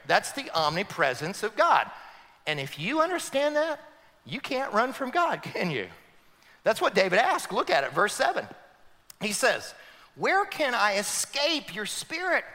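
Male pastor preaching, high lively voice, bright edge, long hall reverb. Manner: animated, leads the congregation in call-and-response. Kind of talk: sermon. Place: church sanctuary.

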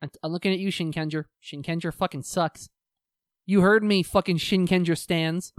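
A podcast co-host with a medium-pitched voice chats casually at a normal speed, swearing often as he rants energetically about shows he loves and hates. The recording is clean studio sound with no room echo.

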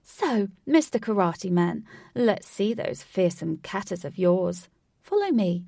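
A woman reading a story, voicing an excitable, flamboyant male club worker in a high, gushing voice. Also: slow, vocal fry, no echo, clean studio sound, full character voice. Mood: teasing.

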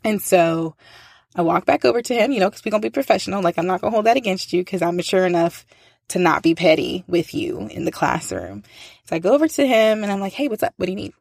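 Animated woman telling a classroom story. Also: fairly low pitch, quick pace, creaky, no echo, clean studio sound. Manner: animated, acts out quoted voices, laughs often. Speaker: teacher and faith speaker. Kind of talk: casual storytelling talk.

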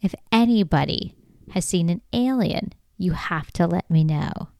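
A woman's voice: on the low side, expressive, measured pace, vocal fry, warm tone, no room sound, studio quality. A middle-aged woman hosting a comedy podcast, telling a story in a casual way and laughing often as she talks. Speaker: podcast host.

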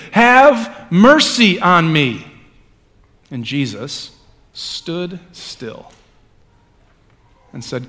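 A male pastor reading scripture aloud and then preaching a sermon, moving between hushed lines and loud ones, with casual asides. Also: a little high, in a large hall. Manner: reads scripture with dramatic swings from hushed to loud; conversational asides with fillers.

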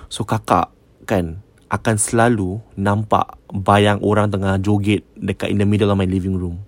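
A man with a Singaporean accent casually retelling a ghost story, switching between English and Malay, jumping up in pitch when quoting and dropping to a hush at the eerie parts. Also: moderate pace, no room sound. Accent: Singaporean Malay-English mix. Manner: code-switching, animated when quoting, trailing hushed asides. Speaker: storyteller host.

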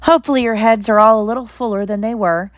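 A woman voicing a cheerful, whimsical old male headmaster making measured announcements in a storybook reading. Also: fairly high pitch, fairly even intonation, no room sound, clean studio sound, close to an everyday voice.

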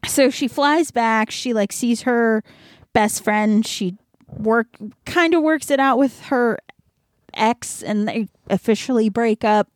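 Chatty young woman with a higher voice. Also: slow pace, no room sound, studio quality. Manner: chatty plot retelling with heavy use of "like". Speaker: podcast co-host. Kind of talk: casual book chat.

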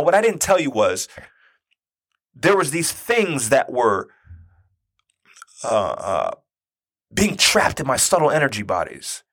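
A man in his forties with a husky, slightly breathy voice, telling a personal story in a loose, conversational way. He keeps checking in with his listeners as he goes, and his delivery stays animated. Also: mid-range voice. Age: 40s. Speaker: speaker and youth basketball coach.

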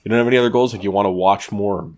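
Young male co-host, teasing, casual, a bit low-pitched. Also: steady tone, rapid-fire, darkish tone. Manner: joking, teasing, sweary. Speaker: podcast co-host. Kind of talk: casual chat.

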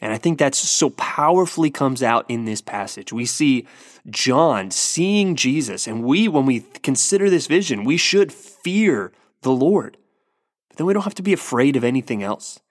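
A man's voice: medium pitch, animated, moderate pace, no echo, clean studio sound. A man preaching a sermon, earnest and emphatic, often restarting his words as he builds to a point. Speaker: pastor.

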